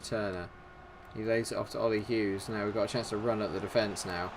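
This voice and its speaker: A man giving live commentary over his own football video game, calm and chatty between chances and shouting when his side scores. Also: on the low side, fairly quick, noisy background. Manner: excitable football-style commentary, shouts at goals. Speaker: gaming YouTuber.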